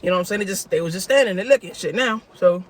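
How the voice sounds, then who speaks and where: A man's voice: sits high, rapid-fire. A man telling a casual story-time tale for his vlog in a slangy way, full of "you know what I'm saying.". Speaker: vlogger.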